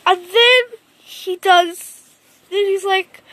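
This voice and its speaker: A woman's voice: very high-pitched, expressive, slow pace, pauses often, pushed and bright. A woman casually retelling a fan-made story, rambling and repeating herself, with lots of "like". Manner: rambling, repetitive, says "like" often.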